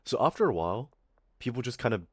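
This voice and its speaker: Young man, streamer, swings his pitch up and down a lot, casual and profane, dry close sound. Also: sing-song, breathy edge, dry recording. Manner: rambling, profane, quick to laugh; talks in a put-on streamer voice. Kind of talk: casual live-stream chat.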